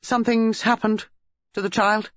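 A man's voice: high-pitched, level tone, normal speed, no room sound, highs cut off, pitched above the performer's own voice. A man voicing a stiff, distressed retired army major who speaks sharply. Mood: agitated. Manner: sharp, raised, strained.

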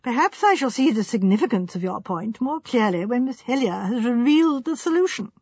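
A woman reading the part of a courteous older gentleman who speaks in a grave, formal, ironic way. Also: a little high, lively intonation, a little fast, breathy edge, no echo. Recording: slightly dull, dry recording.

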